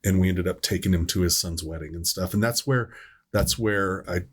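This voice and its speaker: A middle-aged man with a low, husky voice chats casually on a podcast. He rambles through an old work story, restarting his sentences as he goes. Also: moderate pace. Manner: rambling, self-correcting storyteller. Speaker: podcast host, EMS worker.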